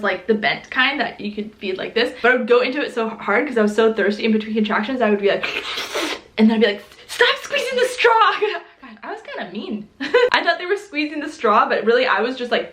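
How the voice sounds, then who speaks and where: A young woman talks straight to her camera in a relaxed, chatty vlog style. Her voice sits a little on the high side, and she laughs easily and fills her sentences with casual fillers. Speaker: vlogger.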